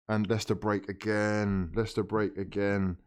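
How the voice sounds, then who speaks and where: A man's voice: lowish voice, clean tone. A young man hosting a live football watchalong, commenting on the game as he reacts to it, pleading with the players, scolding them and swearing often.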